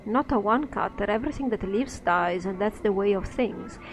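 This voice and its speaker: A woman's voice: medium pitch, brisk, slight background noise, close to an everyday voice, poor audio. A woman voicing a weary male cult member who speaks in a plain, resigned way.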